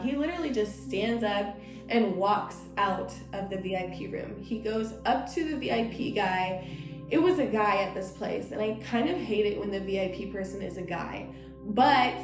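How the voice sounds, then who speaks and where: A young woman casually telling a personal story during a stretch session, chatty and heated, with lots of "like". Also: fairly high pitch. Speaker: vlog host and former dancer. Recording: echoey room with faint music.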